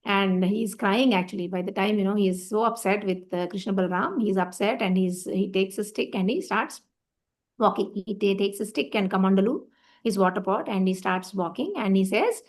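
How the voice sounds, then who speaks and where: A woman's voice: medium pitch, moderate pace. A woman giving a devotional talk, telling a story in a conversational way with frequent fillers and restarts. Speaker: devotional speaker.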